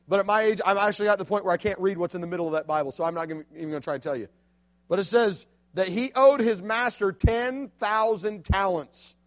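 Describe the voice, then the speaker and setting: Man, youth pastor, very high voice, hushed-to-loud sermon delivery. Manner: storytelling preacher, swings from hushed to loud and emphatic.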